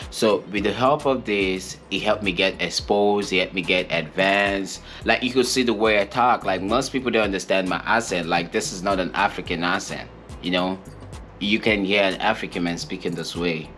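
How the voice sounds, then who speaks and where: Young Nigerian man, very low voice, earnest and emphatic casual interview answers, soft music bed. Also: normal speed. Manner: earnest and emphatic, repeats his points. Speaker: co-host of a couple's channel.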